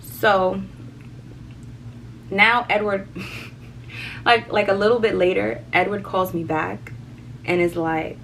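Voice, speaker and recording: A young woman vlogger chatting casually through a story, animated, swearing and repeating words for emphasis. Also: medium pitch, takes it slowly, creaky, long pauses, slight background noise, rough recording.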